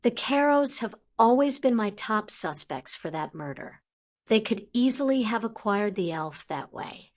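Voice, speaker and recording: A woman reading an audiobook, voicing a calm, wise old male headmaster in a grave, deliberate way. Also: fairly high pitch. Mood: confirming. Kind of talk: audiobook character voice.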